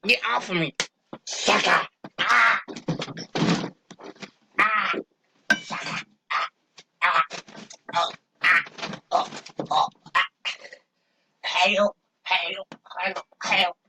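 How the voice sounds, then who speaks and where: A man's voice: sits high, drawn-out words, creaky, long pauses, noisy background, voice pushed up, exaggerated voice. A man voicing a panicky redneck man who yelps and cries for help in an improvised amateur voice act. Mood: panicked. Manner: yelping, frantic cries for help.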